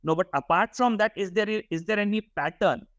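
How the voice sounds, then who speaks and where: A man's voice: high-pitched, normal speed, a bit bright. A young man teaching a workshop class, often repeating words and putting questions to the students. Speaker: workshop instructor. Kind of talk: classroom lecture.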